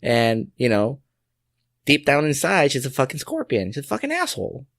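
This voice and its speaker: A man's voice: medium pitch, normal speed, gravelly, no room sound, studio quality. A man co-hosting a podcast, chatting casually, joking and swearing freely. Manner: lively, profane, joking. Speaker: podcast co-host. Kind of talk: casual chat.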